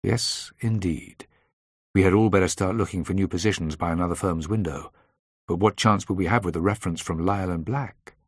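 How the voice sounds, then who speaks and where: Low husky male audiobook narrator. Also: fairly quick, no room sound, clean studio sound. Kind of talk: first-person thriller narration.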